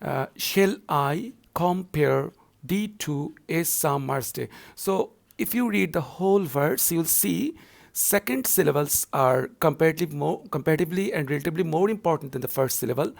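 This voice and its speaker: A man's voice: a little high, creaky. A male university lecturer explaining poetry scansion to students in a repetitive, explanatory way, with frequent filler words.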